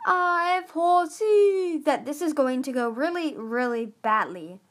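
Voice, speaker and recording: A dramatic young female dragon yells her gloomy foresight over the wind, voiced by a woman reading aloud. Her voice is high and loud. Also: animated, normal speed, breathy edge, full character voice. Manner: yelling, dramatic.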